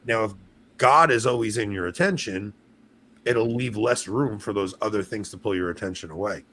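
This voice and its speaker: A man with a somewhat low voice hosts a casual podcast chat. He speaks candidly and openly, as if telling friends a personal story. He sounds like he is on a video call. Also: normal speed, a bit bright.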